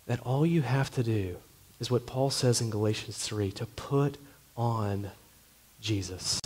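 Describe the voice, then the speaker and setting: Male pastor mid-sermon: earnest, emphatic, drops to hushed phrases. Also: medium pitch, a little slow.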